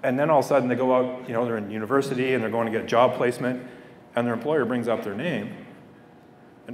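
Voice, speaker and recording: A man's voice: mid-range voice, quick pace, long pauses, slight background noise. A middle-aged man from Canada giving a heartfelt public speech to students, repeating phrases for weight. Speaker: guest speaker. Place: school hall or gym. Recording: echoey hall from far off.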